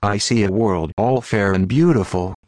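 A man delivers a sermon with emphatic, rhetorical oratory. His voice sits low, and the recording is dry and close, with no room sound. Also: normal speed, a little mellow, no echo. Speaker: preacher. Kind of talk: sermon reading.

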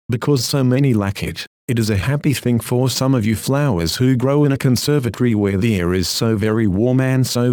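A man reading a sermon aloud in an earnest, measured manner of exhortation. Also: medium pitch, darkish tone, dry recording, clean studio sound. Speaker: preacher.

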